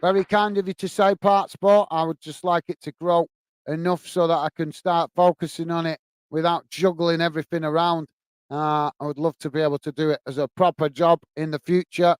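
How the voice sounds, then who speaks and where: A man hosting a casual live stream, reading out viewers' chat messages and thanking each by name, calling everyone mate and filling pauses with uhs. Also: fairly high pitch, little pitch movement, clear, resonant tone, no room sound. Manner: friendly, calls everyone mate, many filler uhs.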